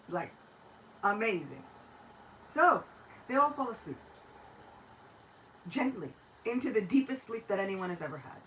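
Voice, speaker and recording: A woman giving a devotional lecture, telling a sacred story in an expressive, animated way. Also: mid-range voice, a little slow, long pauses, a little hiss or hum, poor audio.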